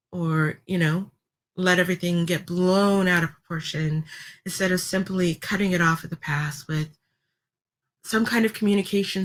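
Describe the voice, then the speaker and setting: A woman with a somewhat low voice talks straight to camera in a casual commentary vlog. Her delivery is chatty and wry, broken by ums and quick laughs, speeding up when she gets worked up. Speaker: vlogger.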